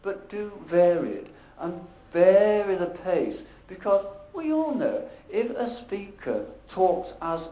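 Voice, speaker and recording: A man giving a convention presentation on stage, with a measured, emphatic delivery that shifts in volume and pace. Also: high voice, darkish tone. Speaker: professional speaker presenting at a convention. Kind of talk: conference presentation. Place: convention function room. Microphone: handheld or stage microphone. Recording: echoey conference room.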